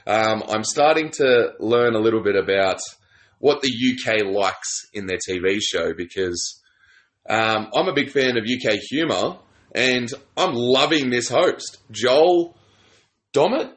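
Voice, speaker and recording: Australian guy, podcast host, relaxed, chatty, laughs easily. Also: mid-range voice, unhurried. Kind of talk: casual podcast chat.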